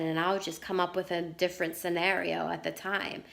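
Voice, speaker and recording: A woman's voice: lowish voice, steady tone, fairly quick, creaky, fairly bright tone. A middle-aged woman writer telling a personal story in a candid vlog, earnest and repeating herself for emphasis. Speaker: writer vlogger.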